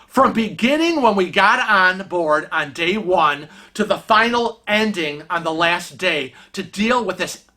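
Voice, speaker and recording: A vlogger telling a story in a casual, animated and indignant way, often restarting sentences. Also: medium pitch, a little slow, few pauses.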